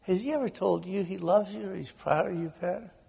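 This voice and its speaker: A desperate woman's cries, pitched way up and strained, as an older man acts her out with a gravelly edge. The sound carries a long reverberant tail. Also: fairly quick, darkish tone, heavily acted. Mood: tearful. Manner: shrill, desperate pleading. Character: distraught adult woman pleading and screaming at her dying father.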